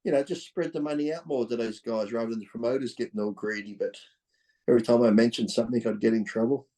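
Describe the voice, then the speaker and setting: Blunt, swearing Australian man, mellow tone. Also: medium pitch, steady tone, fast. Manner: blunt, profane, fired-up, laughs between points. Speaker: podcast guest, former pro bodybuilder. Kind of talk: candid storytelling in conversation.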